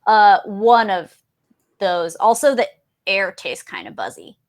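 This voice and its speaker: A woman playing a tabletop game who talks casually and haltingly, with many fillers. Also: medium pitch, lively intonation. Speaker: player.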